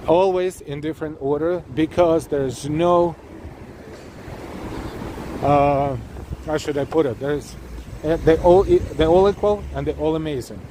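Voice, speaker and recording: A man's voice: fairly high pitch, measured pace, pauses often, dark tone. A man hosting a live walking tour stream, talking casually and effusively to viewers with lots of restarts and fillers while he walks. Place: city streets outdoors at night. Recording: noisy outdoor street recording. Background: street traffic noise.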